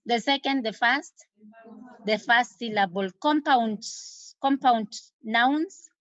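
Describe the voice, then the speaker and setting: A woman teacher with a Kenyan accent giving an exam revision lesson, repeating key terms slowly for emphasis. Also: fairly high pitch, a bit bright, no echo. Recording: dull lo-fi recording.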